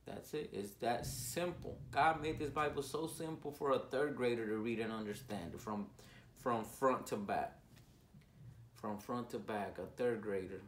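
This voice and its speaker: A man preaching an informal sermon, earnest and repetitive, with his voice rising loud on key words. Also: medium pitch, unhurried, roomy sound, a little hiss or hum.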